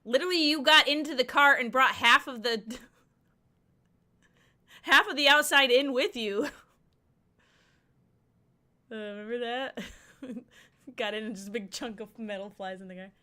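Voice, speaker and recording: A chatty woman streamer talking her way through a game, her voice bright and forward. She rambles through side stories and laughs often as she goes. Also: on the high side, unhurried, long pauses. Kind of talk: casual gameplay commentary.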